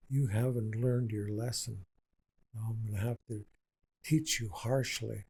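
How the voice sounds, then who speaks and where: An older man speaks as an elder, telling stories at a very slow and deliberate pace. His voice is gravelly and husky, with a dark tone. He comes back to the same points again and again with quiet conviction. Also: medium pitch, rough recording. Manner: unhurried and repetitive, speaking with conviction. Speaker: Indigenous elder, guest. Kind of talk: slow storytelling in conversation.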